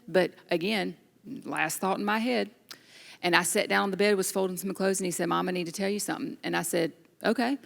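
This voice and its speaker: Low, gravelly woman telling a heartfelt story. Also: long reverb tail. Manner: emotional, animated storytelling with laughter. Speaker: guest mother sharing her story. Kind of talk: candid testimony in a group discussion.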